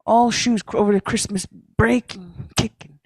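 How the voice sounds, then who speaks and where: Self-mocking woman, storytelling talk, unhurried with a mid-range pitch. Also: fairly even intonation, breathy edge, no echo. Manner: chatty, self-mocking, laughs often, tags lines with "eh?". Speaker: speaker at a leaders' caucus.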